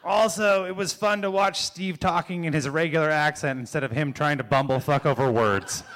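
A man's voice: on the high side, normal speed, a bit bright. A male comic on a comedy club stage, firing back a sarcastic, mocking rebuttal. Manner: sarcastic, mocking, keeps asking "right?". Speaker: stand-up comic in a debate show.

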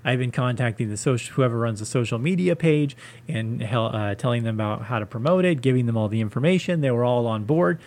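A man's voice: medium pitch, animated, fairly quick, hardly any pauses, darkish tone. Male comic host, solo podcast rant, foul-mouthed and sarcastic, mid-range voice. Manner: profane, sarcastic ranting.

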